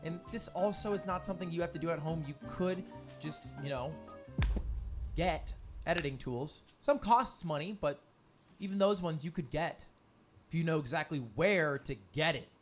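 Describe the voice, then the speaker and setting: A man narrating his own vlog with confident, energetic delivery, heard as a clip played on a livestream. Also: fairly high pitch, normal speed, faint music behind. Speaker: YouTuber explaining his channel challenge.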